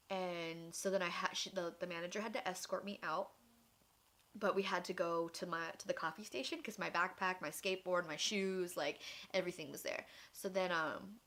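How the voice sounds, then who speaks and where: A young woman vlogging a personal story, candid and animated, acting out the voices of people in it. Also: fairly low pitch. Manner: candid, animated retelling that acts out quoted voices.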